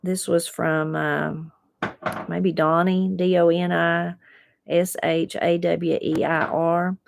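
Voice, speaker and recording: A woman with an Appalachian accent, reading viewer comments aloud and musing on them in an unhurried, folksy, reflective way. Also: on the low side, little pitch movement, creaky, a little hiss or hum. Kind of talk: casual chat.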